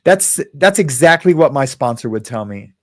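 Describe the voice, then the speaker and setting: A man hosting a casual livestream, reading viewer comments aloud and rambling with frequent chuckles and halting restarts. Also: medium pitch, lively intonation, no room sound, clean studio sound. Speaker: livestream host.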